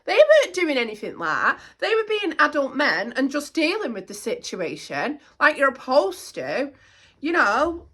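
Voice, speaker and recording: A middle-aged woman, talking casually to camera as a vlogger, animated and indignant, repeating herself. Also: sits high, moderate pace.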